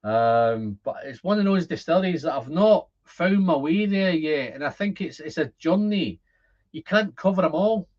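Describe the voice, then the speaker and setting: A man's voice: a little high, animated, normal speed, a little mellow. Chatty Scottish man, dull lo-fi audio. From Scotland. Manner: chatty, rambling, repeats words when thinking. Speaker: whisky livestream host. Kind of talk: casual livestream chat reading comments.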